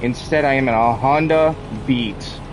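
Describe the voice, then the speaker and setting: A man's voice: mid-range voice, measured pace, poor audio. A man commenting on his own racing game in a mock-formal, theatrical way, complaining with exaggerated drama. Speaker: gaming streamer. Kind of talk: casual gameplay commentary. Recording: game music loud behind.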